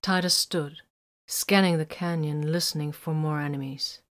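A woman narrating a story in a lowish, even voice. She reads at a measured pace, steady and clear, letting each sentence land. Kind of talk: story reading.

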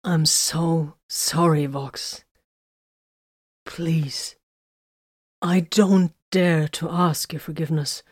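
A woman reading a story, voicing a remorseful wounded male soldier who pleads in halting, apologetic words. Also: sits low, fairly even intonation, a little mellow, no room sound, clean studio sound, exaggerated voice. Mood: pleading.

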